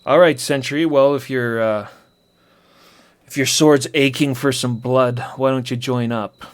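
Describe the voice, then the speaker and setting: A man's voice: mid-range voice, steady tone, measured pace, clean tone. A man casually commenting on a game he is playing live, joking as he reads along. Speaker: streamer.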